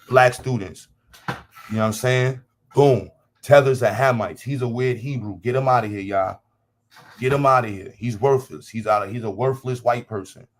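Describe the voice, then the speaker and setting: This livestream host has a medium-pitched voice and talks casually straight to his chat. He comes across combative and blunt, swears a lot, and keeps repeating phrases to hammer his point home.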